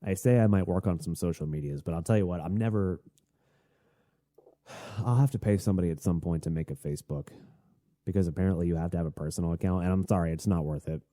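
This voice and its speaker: A man hosting a solo podcast, talking in a rambling, chatty and excitable way. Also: low-pitched, quick pace, no echo, studio quality. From Tennessee. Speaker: podcast host.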